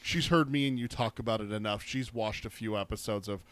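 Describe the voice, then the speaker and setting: A man co-hosting a book podcast, telling stories in an animated way, swearing and laughing as he talks. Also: fairly low pitch, fairly quick. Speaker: podcast co-host. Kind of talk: casual chat.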